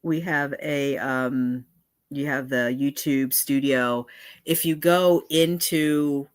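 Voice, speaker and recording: With an extremely low, clear, resonant voice, a woman hosts a casual live stream, speaking slowly with fairly even intonation. She rambles, often cutting herself off mid-thought to return to it.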